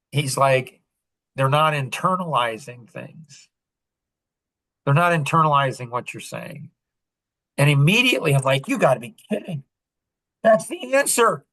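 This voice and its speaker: Animated storytelling man, bright voice. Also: a little high, vocal fry, dry recording. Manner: animated, acts out quoted dialogue. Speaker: podcast host. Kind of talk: casual storytelling chat.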